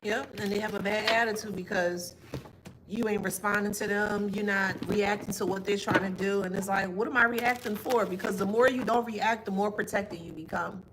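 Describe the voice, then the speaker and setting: A woman's voice: mid-range voice, fairly even intonation, normal speed, heavy background noise. A woman giving a casual spiritual reading to her viewers, blunt and emphatic, with mocking asides.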